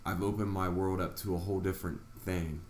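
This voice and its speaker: A man's voice: sits low, level tone, a little fast, darkish tone, roomy sound, slight background noise. A man vlogger earnestly telling a personal story, acting out his own reactions along the way. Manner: earnest, retelling events with quoted reactions.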